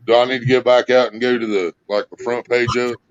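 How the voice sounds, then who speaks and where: A man's voice: mid-range voice, flat delivery, quick pace. A man hosting a livestream, chatting casually and swearing freely as he talks to chat and a friend. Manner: profane, laid-back banter. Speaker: livestream host. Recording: dull, dry lo-fi stream audio.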